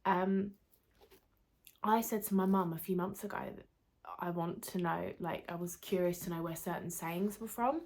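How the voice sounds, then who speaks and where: Young British woman, casual vlogger, a bit hoarse, low-ish voice, self-deprecating chatter. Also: steady tone, normal speed, darkish tone, slight background noise. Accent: British English. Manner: chatty, rambling, self-deprecating, light laughter. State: slightly losing her voice. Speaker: YouTuber. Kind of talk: casual vlog chat. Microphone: camera mic under a ring light.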